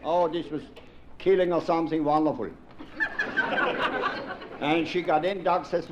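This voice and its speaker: A man's voice: on the high side, fairly even intonation, unhurried, pauses often, background noise. A middle-aged man with a Pennsylvania Dutch accent telling a folksy stand-up monologue in dialect grammar, chuckling at his own jokes. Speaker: comedian.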